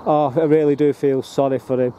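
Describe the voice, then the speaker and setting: A man rambles cheerfully through a walking tour of allotments, his voice mellow and a touch higher than most men's. He talks in loose, chatty bursts with plenty of ums and restarts. It was recorded outdoors on a handheld camera mic, with a faint hum of outdoor ambience behind him. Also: level tone, fairly quick. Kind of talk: casual walk-and-talk commentary.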